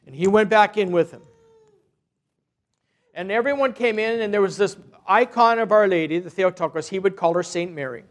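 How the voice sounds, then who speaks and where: Male priest with a high voice, earnest sermon storytelling, loose and conversational. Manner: earnest storytelling, unhurried, with restarts. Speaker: parish priest.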